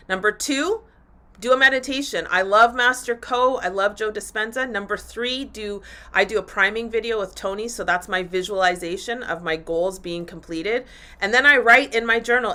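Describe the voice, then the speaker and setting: A woman's voice: a little high, sharp tone. A middle-aged woman coach hosting her own podcast, talking bluntly and candidly with plenty of swearing in a motivational solo talk.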